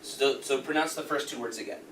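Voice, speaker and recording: A man's voice: mid-range voice, fairly quick. A man teaching a language class, patiently explaining and quizzing his students. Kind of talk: classroom correction drill. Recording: echoey classroom, far mic, noisy.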